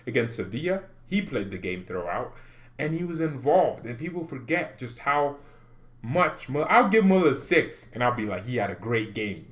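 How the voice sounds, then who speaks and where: A young man hosting a casual football fan vlog, excitable and animated, laughing often as he ranks players. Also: medium pitch. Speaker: football channel host.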